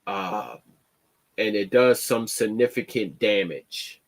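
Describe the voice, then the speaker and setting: A man hosting an online show, talking in a casual, halting monologue and restarting his words often. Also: on the low side. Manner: plainspoken, slangy.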